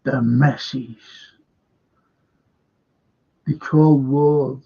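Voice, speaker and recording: A slow, drawn-out man with a gravelly, husky voice rants in a heated talk-show monologue, swearing at every turn and circling back over his points. The sound is dull and lo-fi. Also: medium pitch, steady tone. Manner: heated, swears constantly, repeats himself. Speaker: host of a fan football show.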